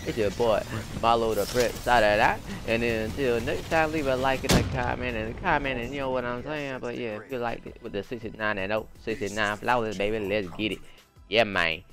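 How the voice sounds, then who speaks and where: A young man casually commenting on his own gameplay as host, slangy and animated, repeating phrases and yelping when excited. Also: mid-range voice, a little fast, music in the background. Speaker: gaming channel host.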